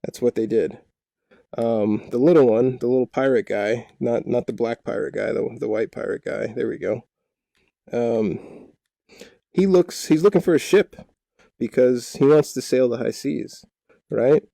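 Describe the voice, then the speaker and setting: A male dungeon master recaps the party's downtime in a loose, rambling way, cracking jokes as he goes. His voice is mellow and mid-pitched, and the recording is dry. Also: measured pace, creaky, no room sound. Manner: rambling, joking, full of fillers. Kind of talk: casual storytelling recap.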